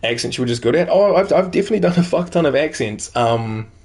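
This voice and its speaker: A man streams a video game in a slightly high, expressive, somewhat mellow voice, talking fast. He rambles through casual chat and in-game notes he reads out, using "like" and "um" constantly.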